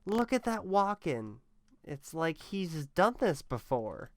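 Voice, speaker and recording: Male host, sarcastic reaction commentary, slow deadpan delivery, dry mic. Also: a little high, no room sound. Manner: sarcastic, mocking, deadpan asides.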